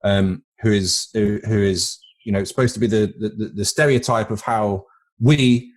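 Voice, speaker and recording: A man's voice: lowish voice, steady tone, moderate pace. A man with a British accent co-hosting a casual film podcast, joking and tripping over repeated words as he thinks. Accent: British English. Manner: jokey, rambling, repeats words while thinking. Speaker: podcast co-host.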